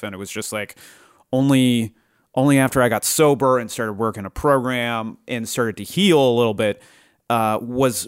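A man speaking as a guest on a podcast, frank and emphatic, talking in quick bursts. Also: fairly low pitch, smooth, no echo, clean studio sound. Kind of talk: candid conversational chat.

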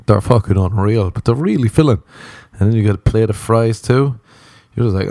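A comedian rambles through a casual story, cursing freely and laughing at his own tale as he goes. His slightly low voice is warm and relaxed, and he talks a little fast. The recording is close and dry, with no room sound.

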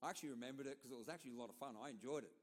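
A man's voice: medium pitch, very fast. A middle-aged man with an Australian accent delivering a sermon, telling personal stories in a conversational way with repeated, emphatic asides. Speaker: pastor.

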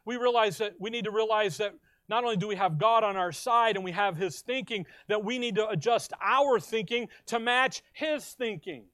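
In a dry recording, a pastor with a high, fairly bright voice delivers a sermon. Slowly stressing each phrase, he reads scripture aloud, then questions the congregation and answers for them.

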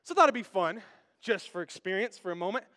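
High, bright-voiced joking preacher man. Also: lively intonation, quick pace. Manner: playful and conversational, joking with the congregation. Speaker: pastor. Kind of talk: sermon. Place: church stage. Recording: echoey hall with long reverb.

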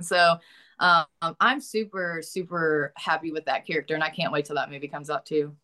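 A woman with a Southern US accent, here as an actress guest in a relaxed interview, talks a little fast in a fairly low, pushed, bright voice. She laughs a lot and swears lightly as she chats.

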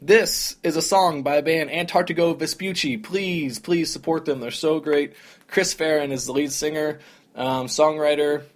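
A young man hosting a solo podcast, rambling casually with lots of "like" and "dude", in a relaxed, conversational way. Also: fairly high pitch, normal speed. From American South. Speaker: podcast host.

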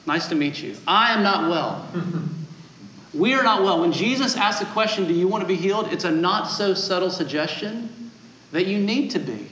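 A man in his thirties preaching a sermon as a guest pastor, telling stories with animated, self-deprecating humor. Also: sits high, moderate pace, roomy sound, poor audio.

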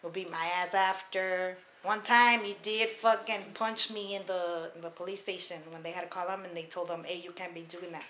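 A woman's voice: fairly low pitch, little pitch movement, moderate pace, hardly any pauses, sharp tone, slight background noise. A young adult woman co-hosting a casual podcast chat, talking bluntly and with lots of swearing. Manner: blunt and profane, recounting her youth with laughs. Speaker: podcast co-host. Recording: echoey room.

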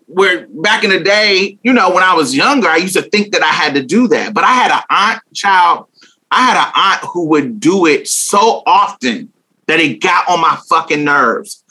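A woman's voice: on the low side, lively intonation, moderate pace, sharp tone, slightly rough. A young woman talking candidly in an interview, blunt and emphatic, swearing freely and laughing often. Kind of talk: candid casual conversation.

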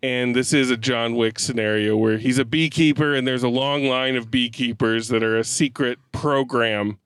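A man in casual podcast chat about a film, talking with lively energy and bursting into laughter as he retells scenes. His voice sits at a middle pitch and sounds close and dry, with no room around it. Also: normal speed, clear, resonant tone, no echo. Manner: animated, laughing, profane. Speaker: podcast co-host. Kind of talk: casual movie review chat.

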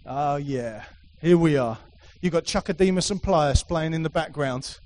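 A man's voice: fairly high pitch, moderate pace, a little mellow, poor audio. A middle-aged man preaching a sermon to a congregation, emphatic and repetitive, with playful asides. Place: church hall with a live congregation.

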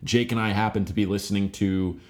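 A man's voice: fairly low pitch, fairly even intonation, brisk, a little mellow. A young man co-hosting a music podcast, laid-back and blunt, swearing casually. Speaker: podcast co-host. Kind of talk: casual chat.

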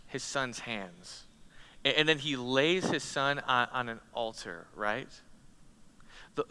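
A man preaching a sermon, retelling a story dramatically, rising to loud passages and dropping to hushed ones. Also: mid-range voice, clear, resonant tone. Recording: long hall reverb.

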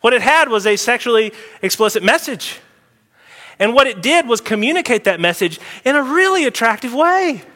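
A man with a high, bright, ringing voice delivers a sermon from the pulpit, swinging between quiet earnest passages and sudden emphatic bursts. His words ring out in a church sanctuary with a long hall reverb trailing behind them. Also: moderate pace. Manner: animated, emphatic preaching with sudden loud outbursts. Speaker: pastor.

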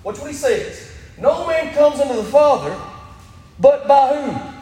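With lively intonation and an unhurried pace, a strikingly high-voiced male pastor preaches in a church sanctuary. His words ring through the echoey hall with a long reverb tail, rising to loud, emphatic peaks as he quotes scripture.

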